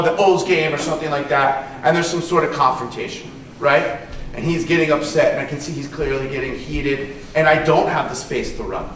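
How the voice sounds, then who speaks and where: A man's voice: fairly high pitch, a bit bright. Man, martial arts instructor, conference demo talk, repeats himself, echoey room, faint background noise. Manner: conversational, lots of "right?" check-ins, repeats words. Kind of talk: conference presentation with live demonstration. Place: conference hall. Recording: echoey hall, voice picked up from a distance.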